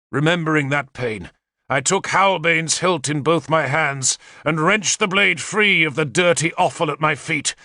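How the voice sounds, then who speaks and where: A man's voice: fairly high pitch, pushed and bright, no room sound, studio quality. A man reading an audiobook aloud in first-person scripted narration, with an intense, dramatic storytelling manner.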